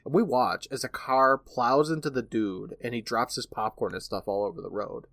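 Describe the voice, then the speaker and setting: A man's voice: mid-range voice, steady tone, normal speed, gravelly, fairly bright tone, dry recording. A man co-hosting a podcast, casually retelling an episode scene by scene and often turning to his co-host by name.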